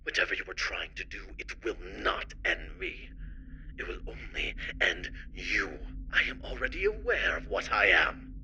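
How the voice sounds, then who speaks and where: A man voicing a proud, cold fallen heavenly judge who speaks calmly and theatrically, talking down to a mortal in an amateur story drama. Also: low voice, normal speed, creaky, slight background noise, exaggerated voice, rough recording. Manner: calm, theatrical, condescending.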